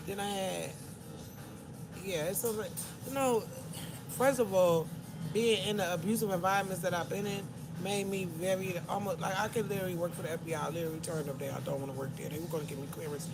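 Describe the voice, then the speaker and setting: A middle-aged woman, talking candidly and emotionally to her live-stream viewers in a corner store. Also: medium pitch. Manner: candid, emotional, talks to chat and shop staff. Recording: noisy store with traffic.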